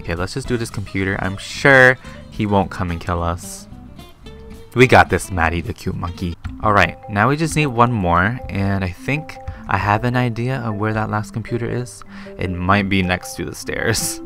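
A young man doing Let's Play commentary on a game, excitable, often jumping to high shrieks and laughter, with game music behind. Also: moderate pace. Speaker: gaming YouTuber.

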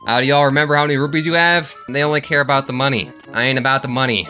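A man hosting a comedic gameplay video, jokey and animated, often yelping and laughing at what happens on screen. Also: mid-range voice, brisk, faint music behind. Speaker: gaming video host.

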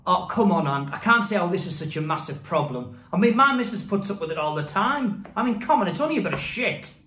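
A man's voice: sits high, expressive, brisk, sharp tone, reverberant, slight background noise, pitched below the performer's own voice. A man impersonating an easygoing male TV presenter who shrugs things off dismissively.

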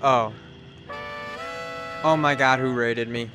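A young man chatting excitedly to his viewers while streaming a game, swearing freely. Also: medium pitch, slow, over music. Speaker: livestreamer. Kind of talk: casual live gameplay chatter.

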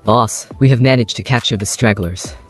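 A man's voice: medium pitch, moderate pace, faint music behind, close to an everyday voice. A man voicing a young vampire hero who mimics a female mercenary, giving a matter-of-fact report.

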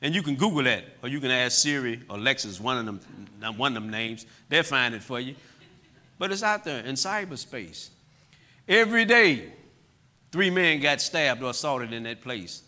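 A middle-aged man giving an impassioned testimony talk to a church audience, moving between loud outbursts and quiet, heavy moments. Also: mid-range voice, expressive, moderate pace. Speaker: guest speaker. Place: church hall.

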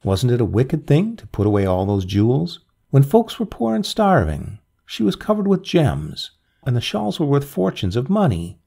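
A man's voice: mid-range voice, wildly swooping pitch, moderate pace, gravelly, dark tone, voice pushed up, full character voice. A man voicing a shrunken, greedy old grave robber who speaks nervously and eagerly. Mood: fearful.

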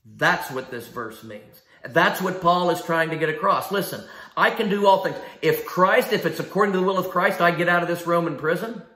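A man's voice: high-pitched, moderate pace, sharp tone, reverberant. A man preaching a sermon in an emphatic style, asking rhetorical questions and repeating key phrases. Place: church sanctuary.

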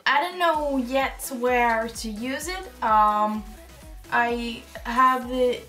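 A woman's voice: fairly high pitch, extremely slow, bright, forceful tone, faint music behind. A young woman chatting casually to her camera at home, giggly and casually swearing. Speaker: vlogger. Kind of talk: casual chat. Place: home, indoors by a balcony door. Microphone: camera mic.

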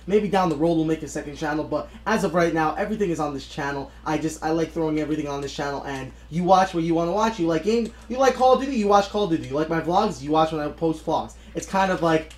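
A young man giving excitable live gameplay commentary, talking to his viewers and bursting into shouts at the game. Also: high voice. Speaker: gaming YouTuber. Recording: roomy echoey room sound.

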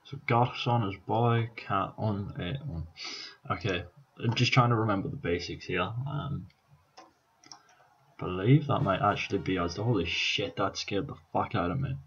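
A man's voice: low-pitched, steady tone, normal speed, a bit bright, highs cut off, slight background noise. A Scottish man in his twenties talking casually and swearing, thinking aloud with lots of ums, tired from staying up all night. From Scotland. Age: 20s. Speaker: YouTuber. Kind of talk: casual vlog commentary.

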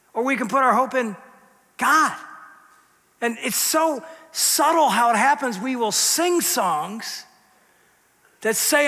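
High, bright-voiced man preaching in a church. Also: big-room sound. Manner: conversational, swings between hushed and emphatic. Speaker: pastor. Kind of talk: sermon. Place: church sanctuary.

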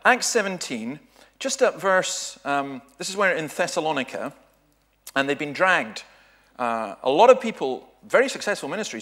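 Speaking at a church as a guest, a Scottish-accented man delivers a casual teaching talk built around funny stories. His voice is medium-pitched with a fairly bright tone, and he keeps stopping partway through sentences to correct himself.

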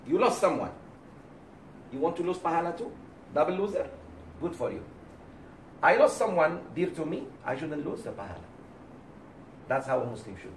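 Animated man lecturing a class. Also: a little high, moderate pace, pauses often, a little hiss or hum. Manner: animated, acts out quoted voices. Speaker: Islamic teacher. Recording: roomy, distant mic, faint background.

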